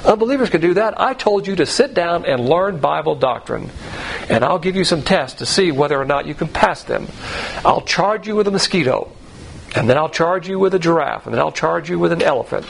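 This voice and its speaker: A man's voice: on the high side, animated, fairly quick, gravelly, a little hiss or hum, poor audio. A man teaching the Bible verse by verse in a blunt, folksy way, full of rhetorical questions and acted-out quotes. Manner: acts out quoted voices.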